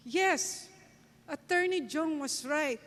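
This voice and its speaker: A woman's voice: high-pitched, expressive, slow, fairly bright tone. A woman with a Filipino accent giving an emphatic motivational speech on stage, switching between Tagalog and English. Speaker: network marketing leader giving a keynote. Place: large event hall, on stage. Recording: long reverb of a large event hall.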